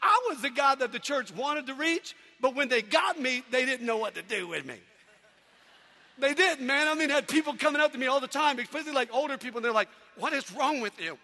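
High bright guy preaching loud and fired up in a big echoey church hall. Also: fairly quick. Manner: animated, shouting, mimicking people. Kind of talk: energetic sermon testimony. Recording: long hall reverb.

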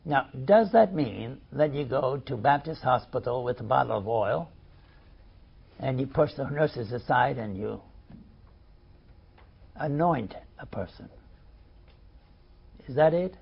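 A man preaching a sermon, swinging between loud emphasis and quiet asides. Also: mid-range voice, expressive, slow, vocal fry, long pauses, husky, lo-fi sound.

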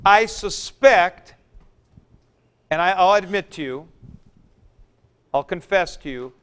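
A male teacher gives a classroom lecture at an unhurried pace. His voice sits fairly high for a man and comes through smooth and clean. He thinks aloud and repeats key points for emphasis as he works at the board. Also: a bit bright. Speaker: Greek teacher.

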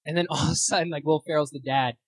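A young adult leads a relaxed Bible study at a weekend retreat, with a slightly husky, breathy voice sitting at a middle pitch. The talk is loose and chatty, packed with fillers and little acted-out quotes. The sound is dry and close, with no room echo. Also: very fast. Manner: chatty, many fillers, acts out quotes and laughs at own stories. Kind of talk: casual teaching talk.

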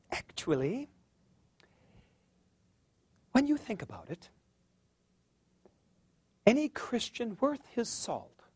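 A man's voice: high-pitched, no echo. A middle-aged man giving a casual theology lecture, rambling, with many fillers and restarts. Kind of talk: conversational lecture.

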